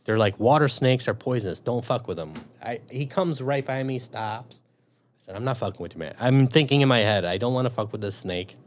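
Speaking briskly at medium pitch, a former soldier turned cop from Chicago spins a long tale during a casual interview. He curses liberally and replays, with plenty of animation, the thoughts he had at the time.

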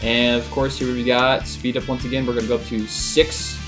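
A young man casually explaining a video game trick over a replay, relaxed, with frequent filler words. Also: mid-range voice, a little fast, over music. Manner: relaxed, many "uh" fillers, chuckles. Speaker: gaming video creator.

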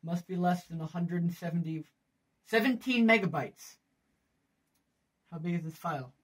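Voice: medium pitch, normal speed, breathy edge, poor audio. A young adult in a casual late-night chat with friends, joking and narrating what they do while sending a file.

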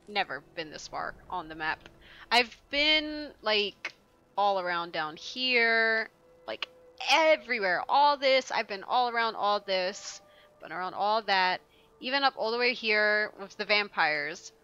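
A woman's voice: mid-range voice, sharp tone, rough recording. A woman streaming a video game, chatting casually in a rambling, profane way and laughing often. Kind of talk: casual chat while playing a game.

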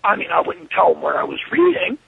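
A man in an interview, telling an animated, profane story and acting out what was said. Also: high voice, quick pace, vocal fry, phone-quality sound. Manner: animated, profane, acts out his own quotes. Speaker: interview guest.

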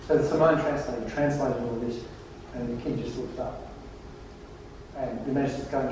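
A man giving a humorous keynote at a conference, telling anecdotes in a wry, animated way. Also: mid-range voice, fairly quick, slight background noise. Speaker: conference presenter. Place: large conference hall. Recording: very echoey hall, distant mic.

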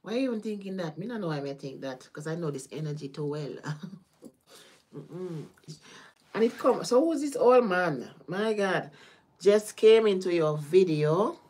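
A woman's voice: fairly low pitch, animated, unhurried, dark tone, husky. A woman with a Caribbean accent giving a casual tarot reading on a livestream, chatty and often laughing. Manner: chatty, laughing, drifting between topics. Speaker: tarot reader.

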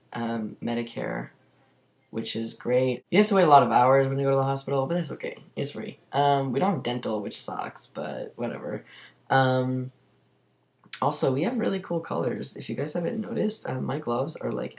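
A young man talks to his camera from his bedroom in a loose, rambling way, full of asides and jokes. His voice sits at a middle pitch with a gravelly fry running through it is easy to hear. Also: expressive, normal speed, a little mellow. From Canada. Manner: chatty, rambling, joking, lots of "like" and "um". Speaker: vlogger. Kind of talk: casual vlog chat to camera.

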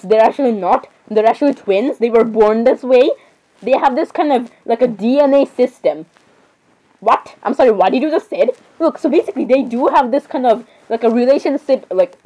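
Woman reactor, higher mellow voice, giggly, keeps apologizing. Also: low-quality recording. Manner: giggly, keeps saying "I'm sorry". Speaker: video reactor. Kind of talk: casual reaction commentary.

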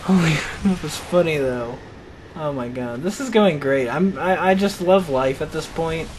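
A young man with a fairly high voice rambles through his gameplay, teasing the enemies and laughing at his own jokes. Faint background hiss sits under his talk. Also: unhurried, darkish tone. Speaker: gaming channel host. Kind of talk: casual gameplay commentary.

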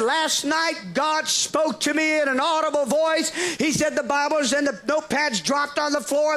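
High bright-voiced preacher telling a story. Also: male voice. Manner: animated, laughing storyteller with restarts. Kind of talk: sermon storytelling.

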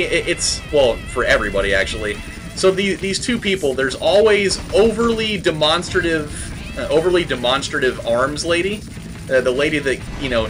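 A man giving casual gaming commentary. He rambles, swears, fills every pause with "like" and "dude", and shouts at the game when it goes wrong. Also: medium pitch. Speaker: let's play host.

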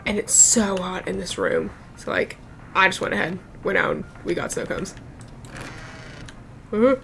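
A woman's voice: medium pitch, wildly swooping pitch, normal speed, vocal fry, fairly bright tone, a little hiss or hum. A young woman chatting and reacting as she plays a horror game. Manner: chatty, jumpy, talks to the game. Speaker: gaming YouTuber. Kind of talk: let's play commentary.

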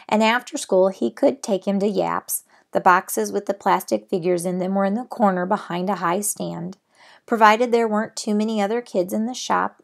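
A woman's voice: fairly low pitch, vocal fry. A middle-aged woman reading a children's novel aloud, then chatting about the chapter. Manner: gentle, plain reading, chatty afterward. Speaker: storybook reader.

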